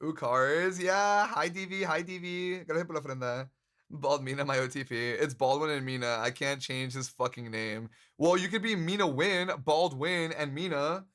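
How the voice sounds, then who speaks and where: A man with a slightly high voice chats loosely with his stream audience. He jokes, laughs a lot and swears without thinking about it. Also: normal speed, a bit bright. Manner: joking, laughs often, swears casually. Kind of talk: casual livestream chat. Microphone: handcam stream mic.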